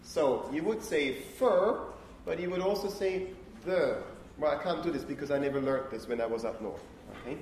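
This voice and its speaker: Speaking briskly with few pauses, a man with a slightly high, darkish voice lectures on phonetics at a university. Faint room noise fills the echoey hall as he keeps asking "okay?" and rebukes chatty students.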